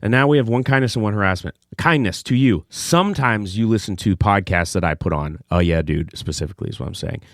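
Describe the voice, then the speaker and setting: A man co-hosting a comedy podcast, swearing constantly and jumping between loud outbursts and mumbled asides. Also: animated, quick pace, few pauses, dry recording, studio quality. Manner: profane, loud swings in pitch, mock ad reading. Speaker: podcast co-host. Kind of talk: crude comedic banter.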